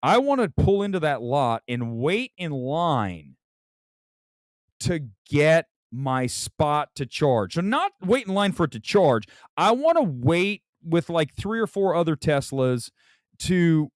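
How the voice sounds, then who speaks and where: A man's voice: fairly high pitch, takes it slowly, no echo, studio quality. A man hosting a talk show, ranting in rambling, sarcastic casual chat. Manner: rambling, animated rants with sarcastic asides. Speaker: podcast host.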